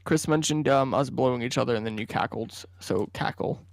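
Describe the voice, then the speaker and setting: A man's voice: medium pitch, a little fast, dry recording. A man in a casual podcast chat who laughs a lot and protests when teased.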